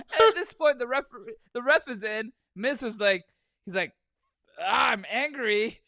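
A man's voice: extremely high pitch, dry recording. A man co-hosting a podcast in casual chat, laughing often and swearing heavily as he tells stories. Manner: laughing often, heavy swearing, animated storytelling. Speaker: podcast co-host.

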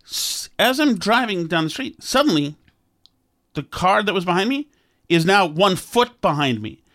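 A podcast host telling a story in a casual, animated way, acting out his own quotes. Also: sits high, moderate pace.

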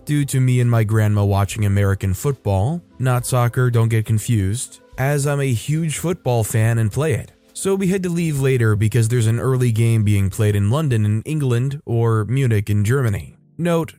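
A man's voice: mid-range voice, mellow. A man reading out a story in scripted narration, acting out the quoted characters as he goes. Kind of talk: scripted narration of reader stories.

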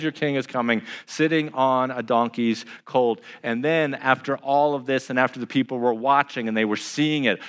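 A male pastor preaching a sermon in a relaxed, conversational way. He speeds up, then slows down and goes quiet. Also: a little high, long reverb tail. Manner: conversational preaching, shifting from brisk to slow and hushed.

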